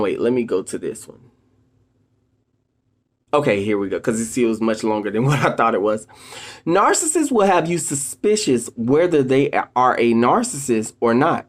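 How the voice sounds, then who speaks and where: Animated vlogger with a lively voice. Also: mid-range voice. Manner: animated storyteller who keeps addressing the audience directly. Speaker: video host giving advice to viewers. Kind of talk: casual motivational talk to camera.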